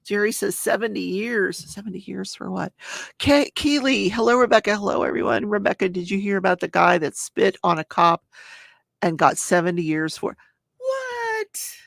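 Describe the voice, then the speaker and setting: An older woman with a brisk, creaky, mid-range voice that's a bit bright hosts a crafting and true-crime talk show. During her casual livestream she chats, reads viewer comments aloud while crafting, and laughs often. The audio is studio quality with no room sound.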